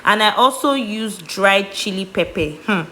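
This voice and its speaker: Nigerian woman, cooking vlog host, mid pitch, chatty and emphatic. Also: unhurried, sharp tone, a little hiss or hum. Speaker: cooking vlogger. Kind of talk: cooking tutorial voice-over.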